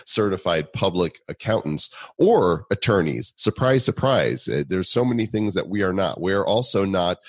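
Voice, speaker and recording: Deep husky podcast co-host. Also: male voice, animated, normal speed, few pauses, no echo. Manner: joking, self-deprecating. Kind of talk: casual podcast chat.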